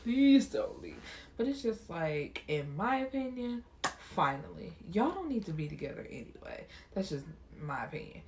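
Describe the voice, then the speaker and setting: Woman, young adult, casual TV recap, slangy and chatty, slightly low-pitched. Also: sing-song, normal speed, noisy background. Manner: chatty, slangy, acts out quoted lines. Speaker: TV episode reviewer. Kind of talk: casual episode recap and review.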